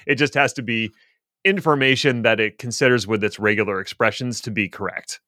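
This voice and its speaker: A man's voice: fairly low pitch, moderate pace, pushed and bright, no room sound. A man co-hosting a casual tech podcast, explaining things at length with dry, self-deprecating humor. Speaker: podcast co-host.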